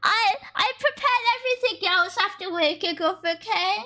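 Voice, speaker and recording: A woman's voice: very high voice, normal speed, bright, forceful tone. An Australian woman streaming herself coding, chatting casually in a rambling, self-deprecating way and laughing often. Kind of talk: casual live-stream chat while coding. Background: faint lofi music.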